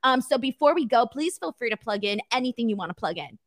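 A woman interviewing a guest in a friendly, casual way, agreeing warmly and reading out numbered questions. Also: a little high, animated, fast.

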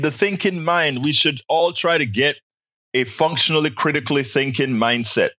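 On a casual podcast, a male host reads listener comments aloud and fires back with strong opinions, in the style of live call-in commentary. His voice sits on the high side and is bright and forceful, moving at normal speed with no echo.

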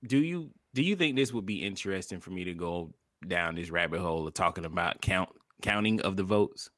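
A man co-hosting a podcast in casual chat, relaxed and conversational, with frequent profanity. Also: deep voice, brisk, no room sound, clean studio sound. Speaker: podcast co-host.

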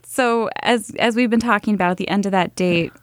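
A woman's voice: medium pitch, brisk, dry recording. A woman hosting a podcast in a studio, talking casually and sometimes apologetically with her guest. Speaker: podcast host.

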